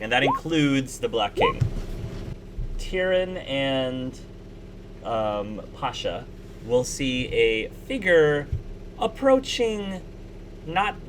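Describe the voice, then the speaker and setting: A man runs a tabletop session, his narration stopping and starting as he works out the scene. His voice sits at an ordinary pitch, and a faint noise runs under the recording. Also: a bit bright, poor audio. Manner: halting, with many restarts and fillers. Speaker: game master.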